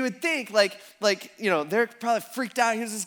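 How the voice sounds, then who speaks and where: A man preaching a sermon as pastor, telling the story in a casual, animated way with slang. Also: sits high, moderate pace, faint music behind.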